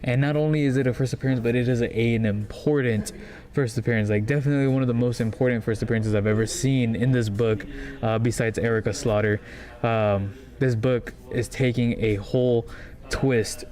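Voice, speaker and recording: A man's voice: mid-range voice, steady tone, a little fast, darkish tone. A man hosting a casual comic shop rundown, talking in a rambling, enthusiastic way with lots of fillers. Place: comic book store.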